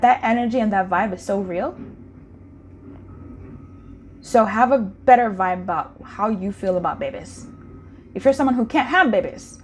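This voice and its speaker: A woman's voice: medium pitch, a little hiss or hum. Chatty, crooning woman tarot reader. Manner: chatty and intimate, with sing-song crooning calls. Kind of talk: casual pick-a-card tarot reading.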